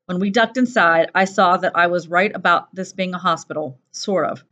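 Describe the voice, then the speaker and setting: A woman teacher reading a first-person novel aloud in a steady, plain storytelling voice. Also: lowish voice, normal speed. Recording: dull lo-fi recording.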